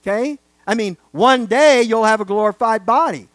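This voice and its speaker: A man's voice: high voice, normal speed, hardly any pauses, dry recording. A man teaching a Bible study lecture, talking casually and then stressing key words with rising force. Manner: emphatic, building to loud stresses on key words.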